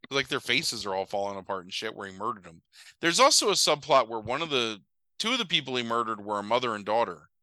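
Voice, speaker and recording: A man's voice: medium pitch, quick pace, dry recording, poor audio. A man in casual chat, rambling and swearing as he retells a film plot. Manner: rambling, profane, animated retelling with quoted voices. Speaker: podcast co-host recapping a movie.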